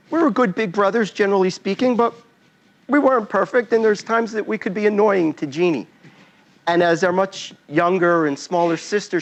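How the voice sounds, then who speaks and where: A man's voice: a little high, highs cut off. A man giving a talk as a storyteller, acting out scenes and sounds as he goes. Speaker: invited speaker.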